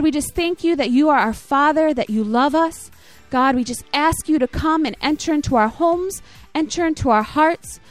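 A young woman leading a children's church message online, encouraging and telling a story. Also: high voice. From Michigan, USA. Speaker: children's ministry leader.

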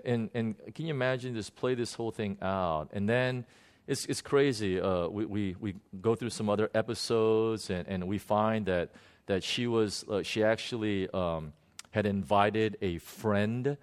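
A man telling a personal ministry story unscripted, earnest and halting, often restarting and repeating words. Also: on the low side. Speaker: minister recounting a prayer session.

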